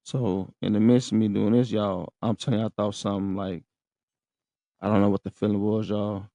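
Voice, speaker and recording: A man's voice: fairly low pitch, level tone, moderate pace, vocal fry, warm tone, no room sound. A man hosting a podcast, telling listeners a story in slangy, profane casual talk and often checking in with them. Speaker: podcast host. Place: room in a rehab center.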